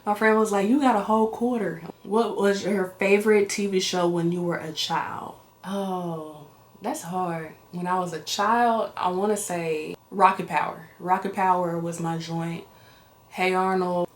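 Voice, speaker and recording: Young American woman vlogger, animated slangy chat, laughs often, echoey room. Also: lowish voice, unhurried. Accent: American English. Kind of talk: casual get-to-know-me chat. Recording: roomy echo.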